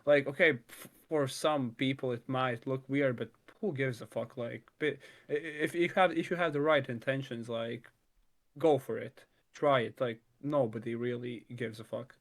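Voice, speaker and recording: A man in an easygoing chat, thinking out loud as he goes. He circles back on himself, stacking fillers and false starts, and drops the odd curse without a second thought. His pitch sits right in the middle of the usual male range. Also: moderate pace. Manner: rambling, many restarts and "like" fillers, swears casually. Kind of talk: casual conversation.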